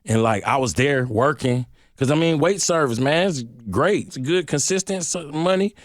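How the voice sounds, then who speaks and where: A middle-aged man from Detroit telling a story as a guest in a radio interview, slangy and animated, acting out the voices of the people in it. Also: fairly high pitch, normal speed, no room sound, studio quality.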